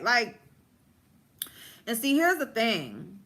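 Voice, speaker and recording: A woman telling a story during a livestream, animated and blunt, with plenty of swearing. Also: medium pitch, unhurried. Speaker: livestream host. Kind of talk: casual storytime rant.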